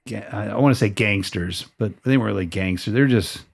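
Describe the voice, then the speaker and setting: Near a San Diego tattoo shop, an American podcast host talks fairly quickly in a lowish voice with vocal fry. His casual interview style is loose and meandering, marked by frequent restarts and the occasional swear word.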